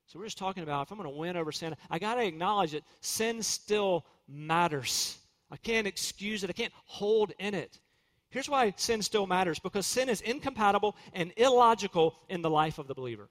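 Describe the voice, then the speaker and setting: Earnest preacher guy, high voice, long echo like a big church. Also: expressive, brisk. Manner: earnest preaching, quotes scripture and hymn lyrics, acts out inner voices. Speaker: pastor. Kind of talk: sermon.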